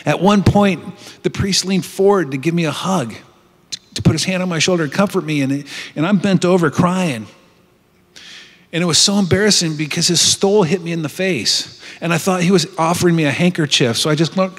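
A man's voice: high voice, normal speed, a bit bright. Earnest man telling his story in a reverberant hall. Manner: earnest, heartfelt storytelling with many restarts. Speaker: retreat speaker. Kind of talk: personal testimony talk. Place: conference hall.

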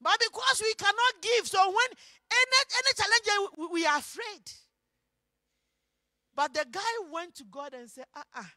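A woman pastor delivers an emphatic church sermon, her very high voice bright and forceful. She shouts key phrases, then drops to a hush. The sound is close and dry, with almost no room echo. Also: moderate pace. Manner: emphatic preaching that swings from shouting to hushed.

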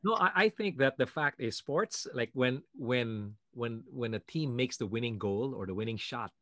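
Male guest singer from the Philippines, lively storyteller who acts out other people's lines, mid pitch, dry sound. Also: moderate pace, no room sound. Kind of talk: animated storytelling.

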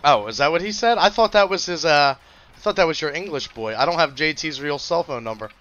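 A man's voice: on the high side, lively intonation, a little fast, fairly bright tone, dull audio. A young man streaming a game with friends, joking and swearing as he teases his squad over a headset. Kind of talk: casual gaming chat.

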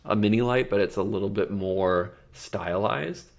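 A man chatting as a podcast guest, easygoing and thinking aloud with many pauses and fillers. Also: on the low side, gravelly. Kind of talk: casual interview chat.

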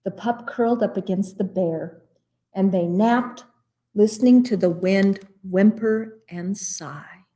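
Slow-reading woman librarian at story time. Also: mid-range voice. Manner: slow, expressive read-aloud. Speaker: children's librarian.

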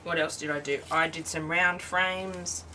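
A woman's voice: low-pitched, steady tone, a little slow, pushed and bright, distant mic, a little hiss or hum, low-quality recording. A tired Australian woman chatting casually as she shows off her craft work, rambling and cutting herself off mid-sentence. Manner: chatty, rambling, self-interrupting. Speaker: craft channel host. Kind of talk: casual show-and-tell craft video.

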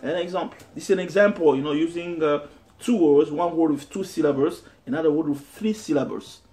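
Speaking a little fast in a dark-toned, fairly high voice, this man walks through a guitar lesson step by step. He moves between English and French and keeps stumbling into fillers and restarts, with guitar heard behind him.

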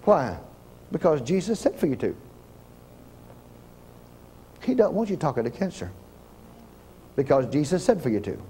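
Fervent older preacher. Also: male voice, on the high side, big pitch swings, moderate pace, long pauses, a little hiss or hum. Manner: fervent, preaching in surges, shouting commands, folksy grammar. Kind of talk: sermon.

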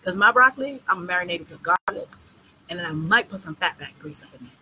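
Brash woman tour organizer, foul-mouthed and lively, bright voice, faint background noise. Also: on the low side, a little fast, low-quality recording. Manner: blunt, profane and animated. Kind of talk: casual live video Q&A.

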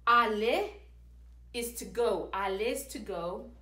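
A woman's voice: on the high side, slow pace, bright, forceful tone. Woman, language teacher, patient step-by-step explaining, casual fillers, echoey room. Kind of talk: language lesson.

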